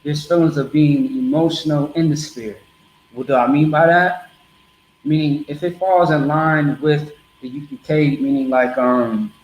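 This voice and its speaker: Guy preaching loud and blunt, kinda high voice, echoey spot with faint background noise. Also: fairly even intonation, moderate pace. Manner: blunt, streetwise, repetitive. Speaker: street preacher. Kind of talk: street teaching to a group.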